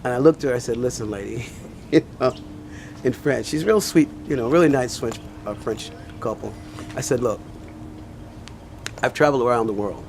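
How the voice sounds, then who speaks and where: An older man with a gravelly, creaky voice tells a rambling story, full of fillers and asides. He talks casually, like a pastor chatting with his flock. Faint noise hums behind him. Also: medium pitch, normal speed, long pauses, a little mellow. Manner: rambling anecdotal telling with many fillers. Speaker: pastor and teacher.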